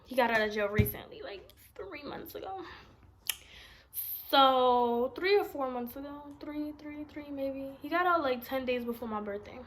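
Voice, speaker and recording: A woman's voice: high voice, animated, moderate pace. A woman, telling a long personal story in a blunt, rambling, profane storytime vlog. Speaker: vlogger.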